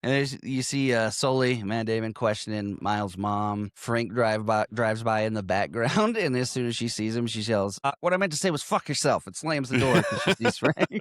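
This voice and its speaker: A man's voice: on the low side, normal speed, no echo, clean studio sound. A man co-hosting a casual movie podcast, laughing a lot, swearing freely and acting out lines from the film. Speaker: podcast co-host.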